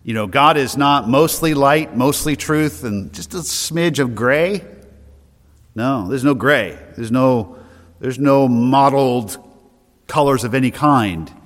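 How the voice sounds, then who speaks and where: A man's voice: medium pitch, slow pace, big-room sound. A man preaching an earnest, emphatic sermon as pastor, often restarting his phrases.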